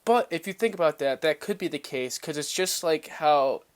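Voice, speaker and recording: A man's voice: a little high, expressive, normal speed. A man co-hosting a casual fan podcast, earnestly reasoning through ideas. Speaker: podcast co-host.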